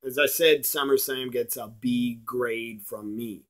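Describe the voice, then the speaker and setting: A man ranting in a blunt, profane video review, slowing down to stress his points. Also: medium pitch, fairly even intonation. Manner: emphatic, slows down to stress points.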